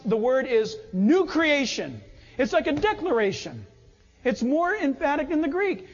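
A pastor with a very high, sing-song voice preaches a sermon emphatically at normal speed, acting out small everyday scenes. The recording sounds dull, captured in a reverberant hall.

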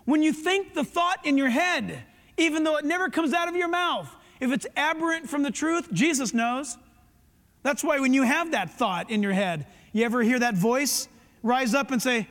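A middle-aged man preaching a sermon as pastor, emphatic, with quick asides to the congregation. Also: very high voice, sing-song, a bit bright. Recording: long hall reverb.

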